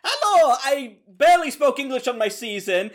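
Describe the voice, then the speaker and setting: A man's voice: very high voice, big pitch swings, normal speed, voice pushed up. A man putting on a brash, boastful drag queen with a put-on Indian accent. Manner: loud, exaggerated impression.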